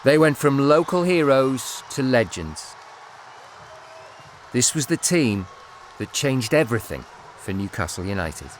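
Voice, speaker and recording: Brief: mid-pitched male news voice-over, faint noise. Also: very animated, a little slow. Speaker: news narrator. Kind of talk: scripted narration.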